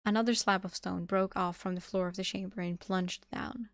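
A woman streamer reading a novel aloud on a live stream, steady with small restarts. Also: medium pitch, moderate pace, dry recording, studio quality.

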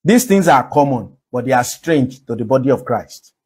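A man's voice: mid-range voice, animated, moderate pace, a little mellow, breathy edge. A man preaching a sermon, earnestly asking rhetorical questions and repeating phrases for emphasis. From Nigeria. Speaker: pastor.

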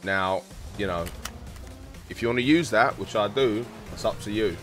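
A man's voice: lowish voice, moderate pace, a bit bright, faint music behind. A man from South East London with a London accent, chatting casually to his stream viewers in a rambling, explaining way with some swearing.

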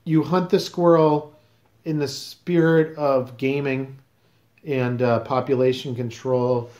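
A man's voice: mid-range voice, steady tone, slow pace, darkish tone, dull audio. Teasing male podcast host, echoey room. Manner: teasing, mock-serious questioning. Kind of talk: casual podcast chat.

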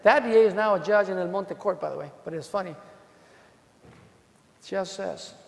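High-voiced man telling courtroom stories. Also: normal speed, vocal fry. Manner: animated, casual, full of asides. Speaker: defense lawyer presenting at a legal conference. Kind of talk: storytelling conference talk. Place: hotel ballroom. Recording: long echo of a large hall.

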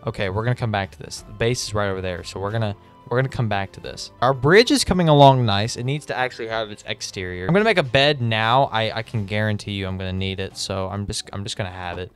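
A man giving excitable, chatty gameplay commentary and talking straight to his viewers. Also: on the low side, fast, faint music behind. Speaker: gaming video host.

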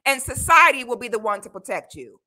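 A bright, forceful woman from Florida hosts a casual livestream, talking straight to her viewers. She is blunt and animated, with sudden loud whoops. Her voice sits a little high. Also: a little fast. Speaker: livestream host.

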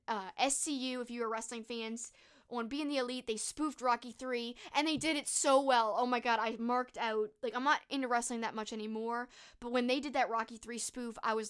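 A woman's voice: fairly high pitch, a bit bright. A young woman streamer chatting casually and reading out viewer comments, gushing and full of fillers.

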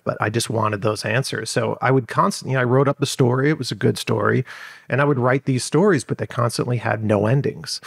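A man's voice: medium pitch, fairly even intonation, fairly quick, vocal fry, breathy edge, no echo, clean studio sound. A male journalist telling a long story in a podcast interview, rambling with many fillers and restarts. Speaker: journalist guest. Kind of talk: conversational storytelling.

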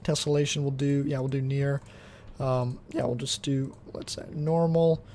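A man's voice: medium pitch, moderate pace, slight background noise. Chatty man narrating his gameplay. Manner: relaxed, rambling, thinks aloud while playing. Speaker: tech benchmark video host. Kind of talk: casual gameplay commentary.

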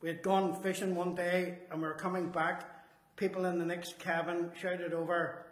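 Guy preaching in a church hall, kinda high voice, earnest, leans hard on key words, lots of echo. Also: flat delivery. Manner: earnest, emphatic, slows for key phrases. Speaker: Salvation Army officer preaching. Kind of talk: sermon.

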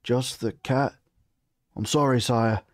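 A man's voice: medium pitch, fairly even intonation, slow, no echo, studio quality, lightly acted. A man reading aloud and voicing a nervous, humble male messenger who stammers and speaks deferentially. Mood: nervous, apologetic.

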